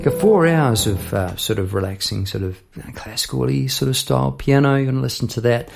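A man's voice: medium pitch, fairly quick, vocal fry, music in the background. A middle-aged man, a songwriter hosting his own podcast, chatting casually and rambling through stories with frequent restarts. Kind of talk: casual chat about songwriting.

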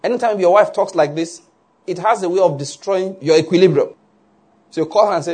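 A man preaches with a slightly high, husky voice. His delivery is animated and keeps checking that the congregation follows along. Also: fairly quick. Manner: animated preaching, asks "are you getting my point?" often. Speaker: pastor. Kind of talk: sermon.

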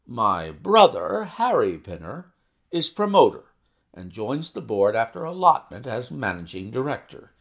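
A man voicing a brisk, sharp-spoken, bearded financial agent who flatters loudly in a story reading. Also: medium pitch. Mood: boastful.

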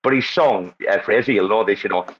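A man's voice: fairly low pitch, a little fast, lo-fi sound. A man hosting a casual online audio chat, boisterous, swearing and laughing a lot. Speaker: host. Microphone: online audio room.

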